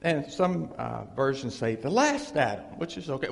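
Animated preacher in a reverberant hall. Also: male voice, medium pitch, normal speed, gravelly, few pauses. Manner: folksy, animated, acts out dialogue, chuckles often. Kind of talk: informal sermon.

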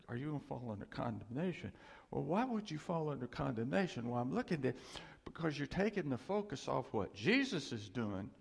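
A man giving an informal, conversational sermon as preacher, rambling and restarting often. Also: mid-range voice. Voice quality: gravelly, breathy. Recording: long hall reverb.

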